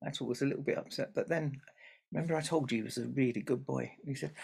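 A man's voice: medium pitch, fast, creaky, darkish tone, breathy edge. A man telling a story to a family audience, chatty, with asides to the listeners.

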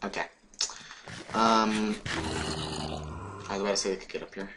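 Young man, gaming commentary, low voice, excitable, chants words, swears, faint background noise. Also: normal speed. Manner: excitable, swears and sing-songs repeated words. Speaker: gaming YouTuber. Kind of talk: Minecraft let's play commentary.

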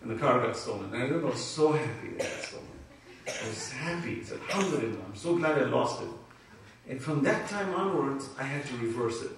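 A man with a mid-range voice speaks at a quick pace, telling personal stories with laughter during an emotional religious talk in a community hall. The Islamic speaker's animated delivery is recorded from a distance in an echoey room with faint noise.

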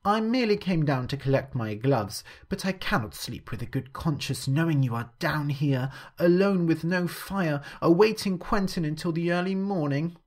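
A man's voice: a little high, lively intonation, moderate pace, hardly any pauses, voice pushed up. A man voicing a playful, mocking young woman in a storybook reading. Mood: coaxing. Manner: mocking, sing-song.

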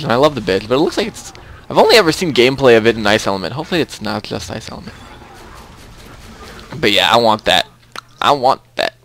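A man's voice: lowish voice, fairly bright tone. Chatty young man rambling over gameplay. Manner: chatty, rambling, repeats himself. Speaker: let's play host. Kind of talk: casual gaming commentary.

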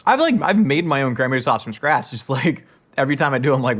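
A man's voice: mid-range voice, lively intonation, a little fast, a bit bright. Rambling awkward man at dinner. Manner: rambling, filler-heavy, awkward small talk. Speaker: host. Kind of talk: scripted comedy monologue to camera.

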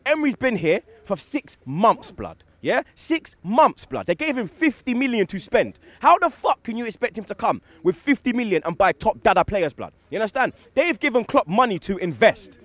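A man's voice: high voice, very animated, a bit bright, no echo. A young man, heatedly ranting as a football fan after a match, emphatic and full of street slang. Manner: fast, emphatic, slang-heavy, repeats "blood" and "yeah". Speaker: football fan giving post-match reaction.

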